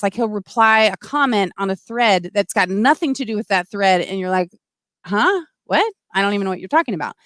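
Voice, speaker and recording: A middle-aged woman hosting a casual livestream, chatty and animated, full of asides and restarts. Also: medium pitch, no echo. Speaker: livestream host. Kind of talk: casual livestream talk, reading comments.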